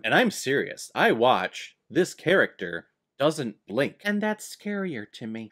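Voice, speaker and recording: Animated, sarcastic young male movie reviewer. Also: mid-range voice, unhurried, hardly any pauses. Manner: animated, sarcastic, swings between soft and loud.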